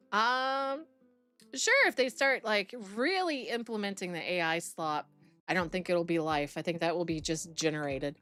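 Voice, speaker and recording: A woman's voice: lowish voice, normal speed, sharp tone, faint music behind. A young adult woman streaming live, chatting casually with her chat in a rambling way and laughing often. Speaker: streamer reacting to videos and reading chat.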